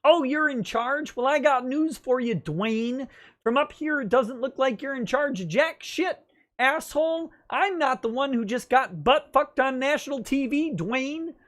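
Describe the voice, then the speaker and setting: A man's voice: very high voice, a little slow, a bit bright, pitched above the performer's own voice. A man putting on the voice of a foul-mouthed male frog puppet, ranting and insulting. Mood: sneering.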